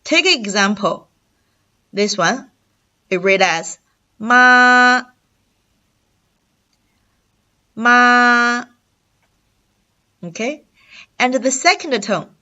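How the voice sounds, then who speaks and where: Slow, bright-voiced woman teaching pronunciation. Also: mid-range voice, big pitch swings, lo-fi sound. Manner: slow, careful delivery, demonstrating syllables aloud for repetition. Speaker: Chinese language teacher. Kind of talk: recorded language lesson.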